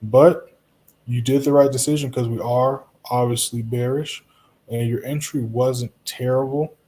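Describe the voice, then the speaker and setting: Dark-voiced man streaming casually. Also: mid-range voice, unhurried. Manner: relaxed, reassuring, talks straight to viewers with frequent "you know" and "right?". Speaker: live trading streamer. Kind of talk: casual live-stream commentary answering chat.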